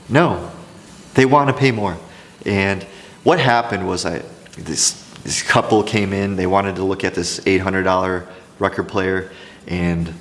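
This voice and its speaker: A man's voice: sits low, long reverb tail. A man sharing business advice in a casual, rambling talk to camera, telling stories with frequent restarts. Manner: rambling, restarts often, animated storytelling. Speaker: craft business coach.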